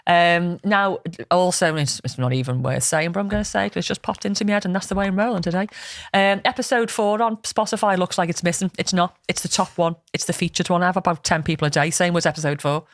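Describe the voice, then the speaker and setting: A woman's voice: on the low side, fast, hardly any pauses, no echo, studio quality. A woman with a Liverpool accent hosting a podcast in casual chat, talkative, swearing freely and laughing often. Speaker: podcast host.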